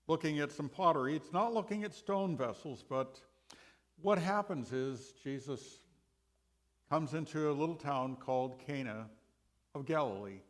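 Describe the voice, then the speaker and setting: A male Bible teacher gives a sermon session in a church. He speaks slowly and deliberately in a mid-range voice. He lifts key words with emphasis, then lets phrases fall away quietly. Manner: slow, deliberate, dynamic rises and drops in pitch and loudness.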